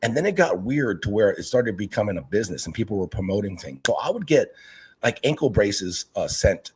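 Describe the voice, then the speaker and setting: Some light background noise sits under this fairly low, fairly quick male voice. He coaches youth basketball, runs an aquarium channel, comes from Northern California, and in casual interview conversation tells lively stories while impersonating those he quotes.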